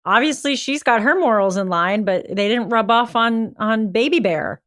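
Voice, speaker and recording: A woman's voice: on the high side, moderate pace, a bit bright, dry recording, clean studio sound. A woman co-hosting a podcast, reacting to a story with short shocked remarks and quips in casual chat. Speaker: podcast co-host.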